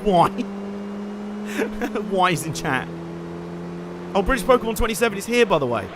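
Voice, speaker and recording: A man giving joking, excitable live commentary while playing a racing game and chatting to his viewers. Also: sits high, measured pace. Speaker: streamer. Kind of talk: live let's-play commentary. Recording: game car noise underneath.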